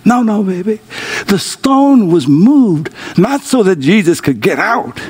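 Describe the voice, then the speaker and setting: A man preaching a sermon as pastor, calling on his online congregation to respond and swinging between soaring exclamations and low, intimate tones. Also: very animated, slow pace, a little mellow, slightly rough.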